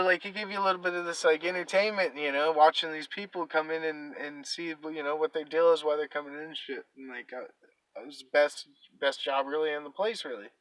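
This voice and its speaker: A young man hosting a casual podcast and telling a long story, full of swearing and acted-out quotes. His voice sits a little high for a man, and the sound is close and dry with no room around it. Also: fairly bright tone, no room sound, poor audio. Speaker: podcast host. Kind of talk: casual chat.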